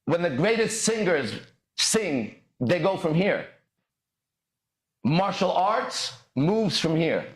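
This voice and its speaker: Brash male podcast host, profane and swaggering, animated delivery in an echoey room. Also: a little high, slow pace. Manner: swaggering, profane, bursts into shouted lyrics. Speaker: podcast host and dating coach. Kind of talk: motivational monologue.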